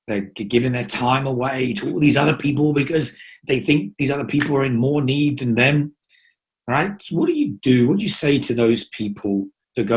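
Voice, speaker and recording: A man's voice: medium pitch, lively intonation, normal speed. Playful man hosting a talk show. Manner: playful, jokey. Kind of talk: casual chat.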